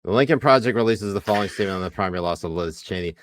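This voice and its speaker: A man's voice: sits low, racing, a little hiss or hum. A male podcast co-host bantering crudely and sarcastically about politics, swearing and laughing often.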